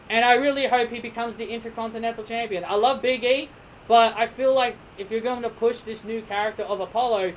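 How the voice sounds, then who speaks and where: A woman's voice: medium pitch, a little hiss or hum, low-quality recording. Rambling woman reviewing a wrestling show. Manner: rambling and opinionated, with frequent restarts. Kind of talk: casual spoken review.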